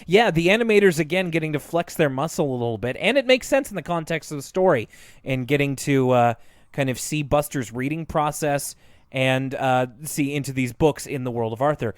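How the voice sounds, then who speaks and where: A man co-hosting a podcast in casual chat, retelling cartoon scenes in an animated way, with lots of fillers and laughs. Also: a little high, fairly quick, no echo, clean studio sound. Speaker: podcast co-host.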